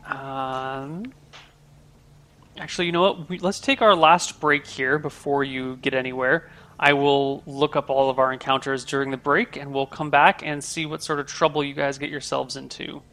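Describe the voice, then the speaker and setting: Gravelly, bright-voiced male game master. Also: a little high, moderate pace, few pauses. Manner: relaxed, chatty, with fillers. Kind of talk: running a tabletop game.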